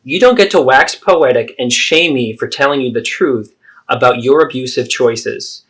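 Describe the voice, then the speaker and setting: A man's voice: mid-range voice, fairly bright tone, husky. A man playing an adult daughter who firmly confronts her mother in a therapy role-play. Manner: firm, measured.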